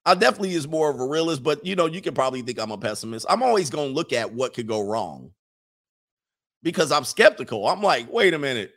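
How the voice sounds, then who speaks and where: A man in his forties hosting a casual commentary stream, joking and animated, often trailing off while searching for a word. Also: mid-range voice, quick pace. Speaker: host reacting to clips and super chats.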